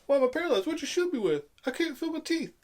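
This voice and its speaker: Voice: high voice, big pitch swings, fast talker, darkish tone, pitched above the performer's own voice. A vlogger mimicking a panicked young man in a mocking, exaggerated whine.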